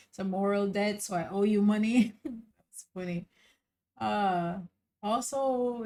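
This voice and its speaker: A woman's voice: mid-range voice, darkish tone. Musing woman hosting a reaction video. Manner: thoughtful, musing, trailing off with frequent laughs and fillers. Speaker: reaction channel host. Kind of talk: casual reaction commentary.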